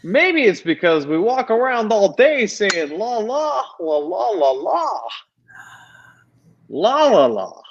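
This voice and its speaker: A man voicing a male Smurf who talks like a New York mobster, high and sing-song with gangster swagger. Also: big pitch swings, takes it slowly, muffled recording, full character voice. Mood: mock-gangster. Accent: put-on New York. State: drunk.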